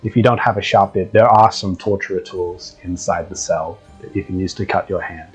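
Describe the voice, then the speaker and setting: A man narrating as game master of a tabletop game, relaxed and chuckling. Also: low voice, fairly quick, breathy edge, faint music behind, poor audio.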